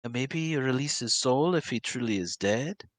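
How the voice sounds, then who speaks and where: A man playing a tabletop role-playing game, talking earnestly about his character's plans in halting, restarting sentences. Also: medium pitch, lively intonation, no room sound. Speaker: tabletop player. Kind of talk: casual in-character table talk.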